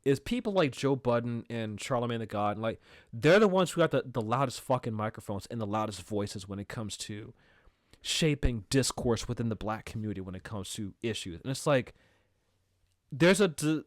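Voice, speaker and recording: A man's voice: mid-range voice, expressive, moderate pace, no room sound, studio quality. Heated, profane male podcast host. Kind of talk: angry solo commentary.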